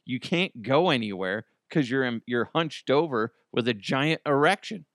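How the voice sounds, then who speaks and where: A man's voice: mid-range voice, expressive, unhurried, fairly bright tone, no room sound, studio quality. A man in his thirties, a podcast host, telling stories in a casual, joking monologue and laughing often.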